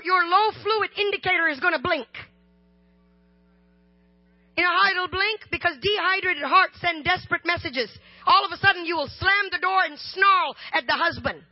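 Very high-voiced woman preaching, shouting at peaks. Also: no room sound. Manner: swings from chatty, joking asides to loud, slow shouting. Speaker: guest preacher. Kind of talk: sermon. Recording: slightly dull, dry sound.

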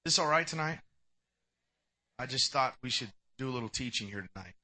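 A man preaching a sermon, animated and conversational, acting out short bits of dialogue and swinging between loud bursts and quiet asides. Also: medium pitch, brisk.

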